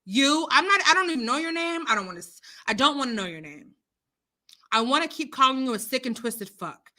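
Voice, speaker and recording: A woman hosting a casual livestream chat, animated and outspoken, quoting scripture and swinging between loud outrage and hushed apologies. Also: sits high, a little fast. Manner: religious, quotes scripture. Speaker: livestream host.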